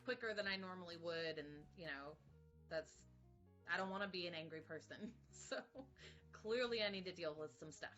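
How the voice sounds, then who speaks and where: Woman guest, low bright voice, thoughtful, bit of music behind. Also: moderate pace, highs cut off. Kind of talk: personal interview.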